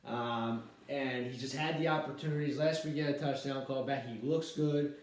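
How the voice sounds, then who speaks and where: A man chats loosely and cheerfully as a podcast host, stumbling over fillers and restarts. His voice sits at a middling pitch. It sounds strongly echoey, as if the mic stood well away from him in a bare room. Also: steady tone, moderate pace, far from the mic. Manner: rambling, filler-heavy, upbeat. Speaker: podcast host, league commissioner. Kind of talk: casual solo podcast chat.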